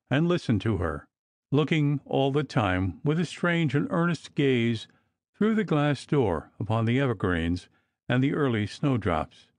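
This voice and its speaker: A man narrating an old gothic novel as an audiobook, reading in a measured, expressive way. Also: medium pitch, no echo.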